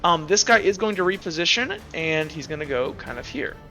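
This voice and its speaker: A man's voice: on the high side, expressive, fairly quick, bright, forceful tone, soft background music. A man narrating a tabletop game as game master, rambling with many fillers.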